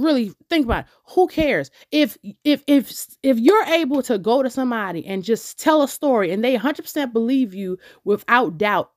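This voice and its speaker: Addressing her audience head-on, a woman with a fairly high voice hosts a podcast. She recounts something from her own life in a relaxed, lively manner.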